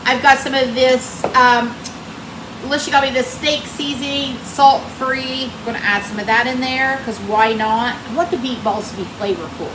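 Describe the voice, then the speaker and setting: A woman's voice: high-pitched, normal speed. A woman chatting folksily to viewers while cooking in her home kitchen. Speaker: cooking vlogger. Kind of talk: casual cooking chat. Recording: roomy kitchen with air-conditioner hum. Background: central air running.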